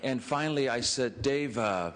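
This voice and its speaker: The senator's medium-pitched voice is a bit bright and moves at a normal speed through a tribute speech on the floor, with the dialogue of his anecdotes acted out between chuckles. It's recorded in a legislative chamber with long reverb and faint ambience.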